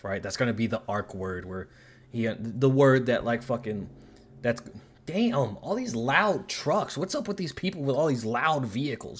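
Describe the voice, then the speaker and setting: Male reviewer, average pitch, profane and exasperated, rambling rant style. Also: expressive, normal speed. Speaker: movie reviewer. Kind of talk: ranting film commentary.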